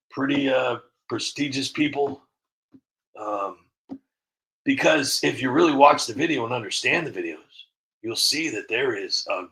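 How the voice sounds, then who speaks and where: A man's voice: medium pitch, pushed and bright, poor audio. A man giving opinionated commentary to camera, rambling and repeating himself with frequent restarts. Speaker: video creator.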